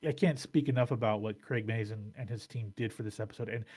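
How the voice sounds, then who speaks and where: A man's voice: fairly low pitch, fast talker, a little mellow, breathy edge. A man hosting a podcast, chatting casually in a rambling way with frequent restarts and swearing. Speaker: podcast host.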